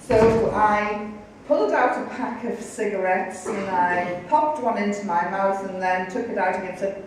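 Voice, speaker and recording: Middle-aged woman speaker, lively anecdote telling with acted-out quotes, far off in a reverberant lecture hall, faint room hiss. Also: mid-range voice, moderate pace. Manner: lively, acts out quoted voices. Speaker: guest speaker. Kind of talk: storytelling public talk.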